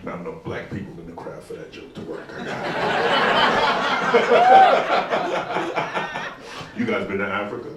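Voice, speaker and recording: A man's voice: medium pitch, slow, long pauses. A man from New doing profane stand-up comedy on a club stage. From New York. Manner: animated, profane, bursts into mock shouting. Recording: echoey club from far off, crowd.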